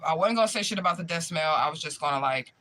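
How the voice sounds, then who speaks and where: A young man telling a profane, animated story in casual chat, often laughing as he retells it. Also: on the high side, fast. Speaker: spiritual medium livestream host.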